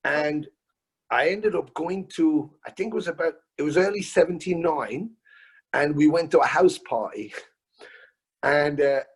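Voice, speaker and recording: A man in his fifties, a musician guest on a video call interview, telling stories in a lively, casual way, swearing freely and often restarting his sentences. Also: a little high, measured pace, breathy edge.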